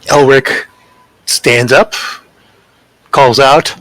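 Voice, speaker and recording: A man's voice: mid-range voice, normal speed, sharp tone, no echo, low-quality recording. A man playing a tabletop game, speaking politely and confidently in character. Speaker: player.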